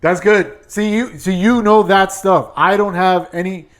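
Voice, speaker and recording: A man's voice: sits high, fairly even intonation, measured pace. A man from New York hosting a podcast, eager and agreeable, laughing a lot. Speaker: podcast host. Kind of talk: casual interview chat.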